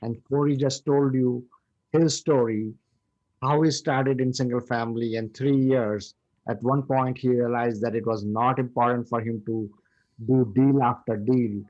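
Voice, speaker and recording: A man hosting an interview in a measured tone, with a mid-range voice. The sound is dull and lo-fi. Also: mid-range voice, fairly even intonation, a little mellow. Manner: brief listening responses, measured summaries. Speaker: show host. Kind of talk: interview host.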